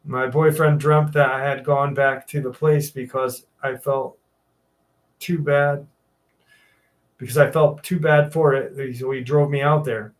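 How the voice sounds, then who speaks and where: A man's voice: medium pitch, steady tone, unhurried. A man hosting a paranormal podcast, reading stories and joking crudely. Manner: joking, crude, riffs loudly. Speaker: podcast host. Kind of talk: casual podcast chat.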